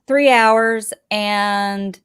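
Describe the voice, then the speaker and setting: A podcast co-host tells a story during casual chat, animatedly acting out the people she quotes along the way. Her medium-pitched voice is smooth and very slow.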